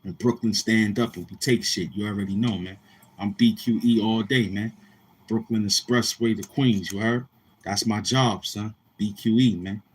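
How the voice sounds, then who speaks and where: Husky-voiced New York man rambling. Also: on the low side, steady tone, moderate pace. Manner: slangy, rambling, repeats tag phrases. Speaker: vlogger. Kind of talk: casual street talk to camera.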